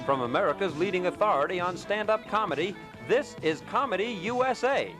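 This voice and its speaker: A man reading a punchy, booming TV show promo as announcer. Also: lively intonation, fairly quick, over music. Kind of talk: TV promo voice-over.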